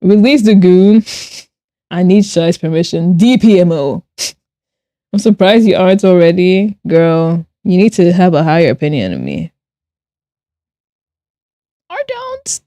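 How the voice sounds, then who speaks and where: Mellow-voiced woman chatting on a stream. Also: on the low side, dry recording. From Nigeria and Ireland. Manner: animated and quick to laugh, with blunt swearing. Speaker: streamer and artist. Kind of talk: casual livestream chat, reading chat aloud while drawing.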